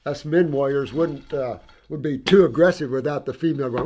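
Talking a little fast in a dark-toned, medium-pitched voice over slight background noise, a natural health practitioner casually and enthusiastically discusses client cases with his online audience. He rambles with asides and repetitions, calls viewers sweetie and honey, and acts out anecdote dialogue.

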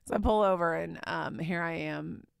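A woman preacher telling a personal story in a sermon, candid and conversational, sometimes dropping to a hushed tone. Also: fairly low pitch, normal speed, creaky, smooth, no echo, studio quality.

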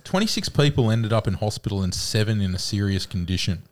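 Rambling Australian bloke hosting a podcast. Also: male voice, fairly low pitch, animated, fairly quick. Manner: rambling, repeats words, lots of fillers. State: coughing, has a cold. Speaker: podcast co-host. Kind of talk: casual sports banter.

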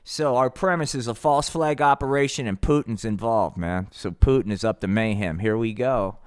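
This podcast host, a man with a mid-range, clear and resonant voice at a moderate pace, improvises a comic puppet show. His talk is loose, profane and rambling, recorded in a clean studio with no room sound.

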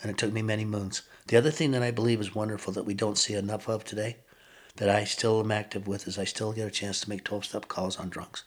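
An older man with a low, husky voice speaks as a podcast guest. He tells his personal recovery story in an earnest, reflective way and pauses often. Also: little pitch movement.

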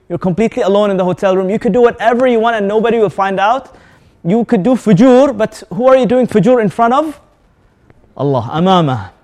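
Preaching a spirited sermon before a live crowd, this Islamic preacher speaks in a high male voice. His English is sprinkled with Arabic words and recitation, and he often questions the audience.

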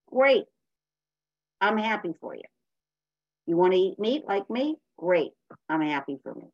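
A woman's voice: medium pitch, animated, moderate pace, dry recording, lo-fi sound. A woman giving a blunt, emphatic personal share as a speaker at a recovery meeting.

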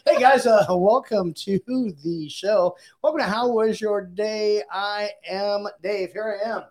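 A man co-hosting a married couple's podcast in casual chat, excitable and jokey, rambling through his intro. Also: high-pitched, takes it slowly. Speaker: podcast co-host.

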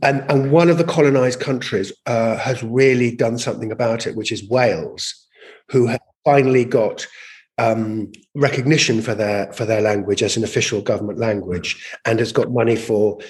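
A language campaigner appears as a guest in a conversational interview, speaking in a mid-range voice at a moderate pace. He tells stories animatedly, frequently repeating and restarting words while he thinks.

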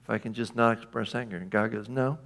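A man's voice: on the low side, flat delivery, fast talker, vocal fry, a bit bright. A man preaching a sermon in a conversational way, often putting questions to the congregation. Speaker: pastor.

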